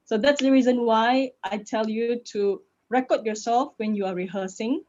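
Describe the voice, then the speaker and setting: A woman with a Malaysian accent, a public speaking coach answering questions in an online session, lively and laughing easily. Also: fairly high pitch, normal speed. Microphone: video call. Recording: lo-fi video call audio.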